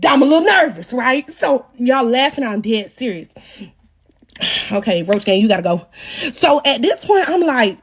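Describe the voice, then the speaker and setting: High, husky-voiced young woman. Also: normal speed. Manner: animated, slangy, joking with viewers. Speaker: live-stream host. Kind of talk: casual storytelling on a livestream.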